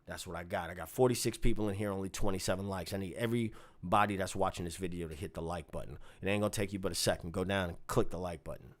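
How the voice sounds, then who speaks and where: A man telling a story from his gigs in a casual vlog, swinging from low muttering to loud outbursts. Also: quick pace, hardly any pauses. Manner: animated, swings from muttering to shouting. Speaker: bass player telling a story.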